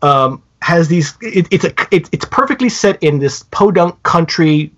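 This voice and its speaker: A man co-hosting a podcast, retelling a story in a casual, animated way with many halting restarts. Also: on the high side. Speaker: podcast co-host. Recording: dull lo-fi podcast audio.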